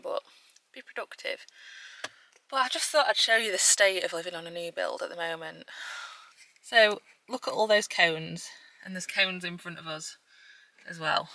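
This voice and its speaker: A woman's voice: fairly low pitch, gravelly, sharp tone, low-quality recording. A young woman, chatting casually to camera in her vlog, upbeat and a bit breathless. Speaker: vlogger.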